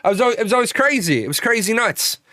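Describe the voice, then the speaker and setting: A man's voice: high voice, big pitch swings, fast, sharp tone, dry recording, clean studio sound. A man hosting a livestream, telling a rambling, profane story with many restarts. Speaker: host. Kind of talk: casual livestream chat.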